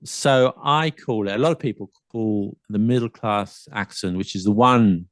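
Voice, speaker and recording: A man's voice: lowish voice, moderate pace, no echo, studio quality. A man with a southern English accent and a touch of London, chatting animatedly about accents and mimicking them playfully. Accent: southern English, slight London. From south of England. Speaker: podcast host. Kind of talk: casual chat about accents.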